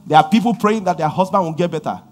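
A Nigerian man preaching in a high, lively voice that leaps up and down. He moves between quiet, confiding asides and sudden loud outbursts. Faint music plays behind him. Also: quick pace. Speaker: pastor. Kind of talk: sermon.

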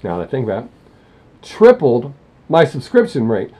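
A man in casual, opinionated talk to camera, blunt and rambling, often stopping to correct himself. His voice is mellow and a little husky. His pitch rises and falls a great deal as he goes. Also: wildly swooping pitch, normal speed. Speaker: music reaction channel host.

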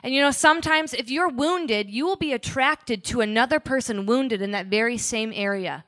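A woman's voice: a little high, normal speed, fairly bright tone. A woman pastor giving a conversational sermon, breaking into little acted-out quotes and asides as she preaches.

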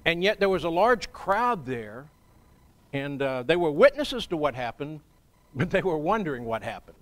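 A pastor delivers a church sermon in a measured, conversational style, pausing often. His voice is fairly high and has a sing-song lilt.

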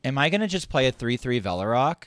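Man, card game streamer, casual commentary, thinking aloud, joking, animated pitch. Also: fast talker.

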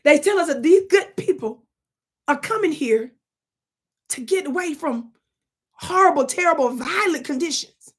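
A woman's voice: high voice, expressive, normal speed, pauses often, a bit bright. A middle-aged woman giving emphatic, casual commentary to camera, talking straight to her viewers. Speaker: political commentary vlogger.

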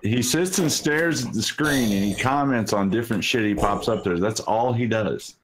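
A man's voice: mid-range voice, moderate pace, low-quality recording. A man co-hosting the stream, making blunt, dismissive remarks.

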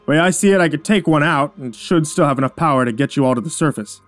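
Sarcastic, exasperated male engineer, a narrator puts him on, slightly raised pitch, storybook reading. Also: fast, no echo, soft background music, lightly acted. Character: sarcastic gruff male engineer, middle-aged.

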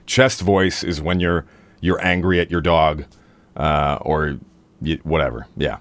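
This singer and stream host talks in a steady tone at a measured pace. Running a laid-back livestream about singing technique, he wanders off topic playfully, leans on fillers, and breaks into goofy high-pitched demo voices.

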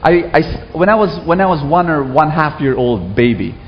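A man's voice: fairly high pitch, lively intonation, normal speed, slight background noise. A man with a Filipino accent preaching a sermon to a live audience, drawing them into call-and-response. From Philippines. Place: large hall with a live audience. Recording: echoey hall, muffled sound.

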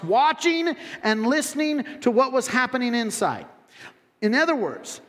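A man preaching with a high voice, telling the story casually and restarting his phrases. The sermon echoes with a long reverb, as in a large hall or church. His delivery is relaxed and informal. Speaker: pastor.

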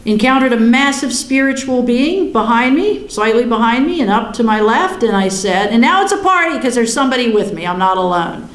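Older woman, lively storyteller, slightly high voice, roomy reverberant sound. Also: fairly quick, hardly any pauses. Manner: animated, chatty, laughs often. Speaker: guest recounting a near-death experience. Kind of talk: personal storytelling in conversation.

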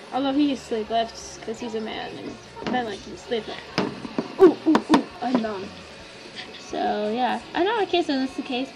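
A woman with a high voice rambles in a casual vlog, giggling and teasing herself as she loses her train of thought. Music plays clearly behind her. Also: low-quality recording. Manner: giggly, scatterbrained, self-mocking. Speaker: vlogger.

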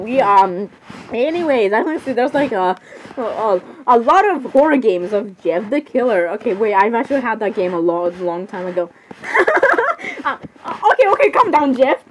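A woman running a solo role-play, switching quickly between the voices of many characters and giggling often. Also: a little high, a little hiss or hum.

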